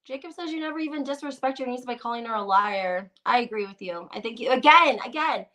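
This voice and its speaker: A woman hosting a gossip livestream, chatting casually and reading out viewer comments in an animated, opinionated way. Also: on the high side, quick pace. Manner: animated, gossipy, many "like"s and restarts.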